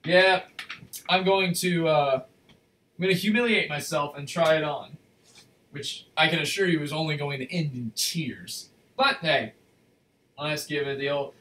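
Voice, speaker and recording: A man hosting a casual livestream from his desk, rambling and correcting himself as he chats, his voice going slightly hoarse. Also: fairly high pitch, a bit bright. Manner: rambling, chatty, self-correcting. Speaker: livestream host. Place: at a desk in a room.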